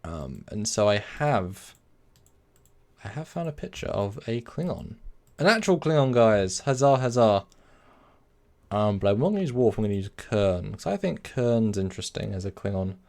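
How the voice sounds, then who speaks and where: A man's voice: on the low side, big pitch swings, normal speed, creaky, a little mellow. A man hosting a casual live stream, rambling, correcting himself and answering chat messages. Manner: rambling, self-correcting, reads chat aloud.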